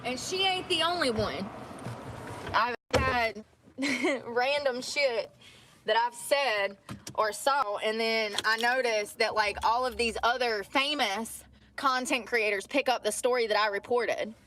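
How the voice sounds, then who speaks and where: A woman's voice: a little high, takes it slowly, noisy background. A woman vlogging casually from her car, chatty and blunt, swearing freely. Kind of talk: casual chat while driving.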